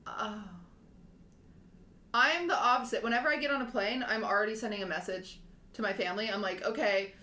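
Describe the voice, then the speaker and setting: A young woman co-hosting a podcast, telling stories in a quick, animated way with lots of fillers. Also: on the high side. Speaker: podcast co-host. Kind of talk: casual chat. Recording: roomy echo.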